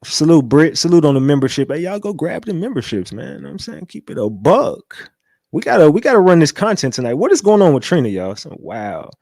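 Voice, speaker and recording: A man hosting a casual livestream, talking loosely, repeating catchphrases and shouting out viewers. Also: on the high side, very animated, fairly quick, no room sound. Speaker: livestream host.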